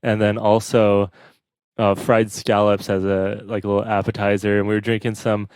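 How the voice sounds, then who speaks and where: A man's voice: on the low side, little pitch movement, moderate pace, darkish tone, smooth, no echo. A young man and podcast co-host in casual chat, laid-back, trailing off mid-sentence and chiming in to agree. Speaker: podcast co-host, band member.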